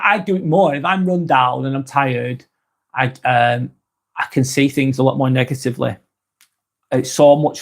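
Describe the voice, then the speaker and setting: A man's voice: medium pitch, creaky. A man hosting a live vlog, answering chat in a rambling, frank way, swearing often and restarting sentences. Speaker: host.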